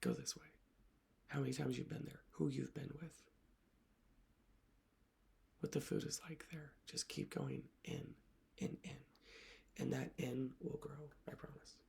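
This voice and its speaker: Gravelly, soft-spoken woman coach. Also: very deep voice, steady tone, a little slow, long pauses. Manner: soft-spoken, often dropping to a whisper; earnest and emotional. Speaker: literacy coach. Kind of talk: reflective talk to camera.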